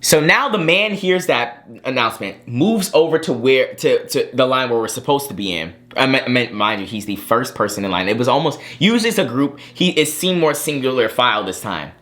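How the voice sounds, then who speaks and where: A young man telling a story to viewers in an animated way, with many fillers like "like" and "um". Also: mid-range voice, brisk, few pauses. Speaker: co-host, son.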